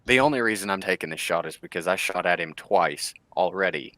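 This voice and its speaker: Man, 30s, lively hunting storyteller; forceful lowish voice, dry. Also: brisk, no room sound. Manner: animated, laughing storyteller who acts out quotes. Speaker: bowhunter guest. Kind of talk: casual storytelling chat.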